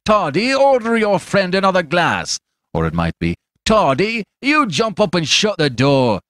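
A man's voice: high-pitched, wildly swooping pitch, a little slow, no echo, clean studio sound, voice pushed up, heavily acted. A man voicing a coarse, bullying stranger who mocks his companion in a raised, jeering voice. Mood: taunting. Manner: mocking, taunting, loud. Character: coarse, bullying small pale male stranger.

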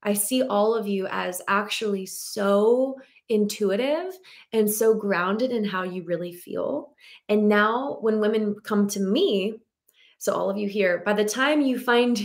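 A woman dating coach speaks straight to her audience in an earnest, encouraging way. Her pitch sits in an ordinary middle range. She talks to her listeners directly, like a group of friends. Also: unhurried. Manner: earnest, encouraging, addresses listeners as "you guys". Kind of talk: motivational talk to an audience.

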